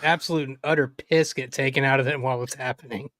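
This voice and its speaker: A man's voice: mid-range voice, steady tone, fast, a bit bright, no echo. Man making wry remarks, dry sound. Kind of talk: casual chat.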